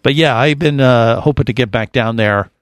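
A man's voice: mid-range voice, normal speed, smooth, dry recording, studio quality. A man hosting a casual podcast chat, rambling with lots of fillers and restarts. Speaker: podcast host.

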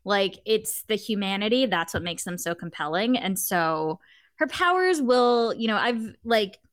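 A woman author as a guest in a casual chat, excited and talkative. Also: medium pitch, a little slow, no echo. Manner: excited, chatty, many likes.

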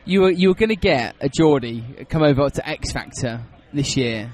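A man's voice: mid-range voice, lively intonation, normal speed, darkish tone. A British man co-hosting a podcast in casual chat, joking and teasing. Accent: British English. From Britain. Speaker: podcast co-host.

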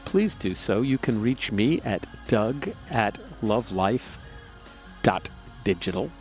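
A man's voice: fairly low pitch, expressive, takes it slowly, soft background music. A man co-hosting a relationship podcast, musing aloud, often restarting his phrases and chuckling. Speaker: podcast co-host. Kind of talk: relationship advice chat.

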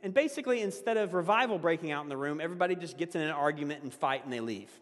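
A man preaching a conversational sermon as a pastor, laughing often and swinging between loud emphasis and hushed asides. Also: a little high, animated, racing, in a large hall.

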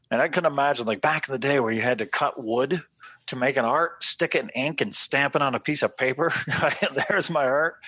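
A man co-hosting a podcast, chatting casually and telling animated stories, swearing and acting out his own reactions. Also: medium pitch, no echo. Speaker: podcast co-host. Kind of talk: casual chat.

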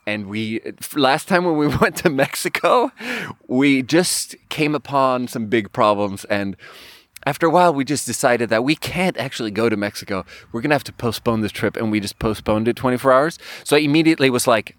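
A man hosting a podcast, telling a funny travel story in a rambling, animated way and laughing at his own punchlines. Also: mid-range voice, brisk, dry recording. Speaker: podcast host. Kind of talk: casual storytelling.

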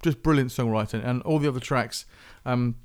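A man's voice: mid-range voice, brisk, a little mellow, clean tone. A man hosting a music podcast, chatting casually and rambling. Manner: rambling, chatty, self-interrupting. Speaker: podcast host.

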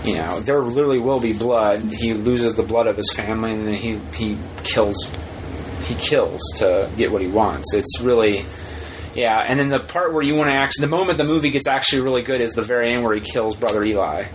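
A man co-hosting a podcast in casual chat, rambling and animated, often acting out quotes. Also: mid-range voice, fairly quick, background noise. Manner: rambling, animated, acts out quotes in put-on voices. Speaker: podcast co-host.

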